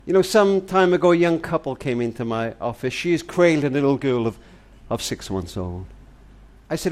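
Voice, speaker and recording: With a medium-pitched, animated voice and a moderate pace, an older man speaks tenderly and earnestly. He is a family charity speaker, and his heartfelt, grandfatherly monologue is framed as if meant for his granddaughter.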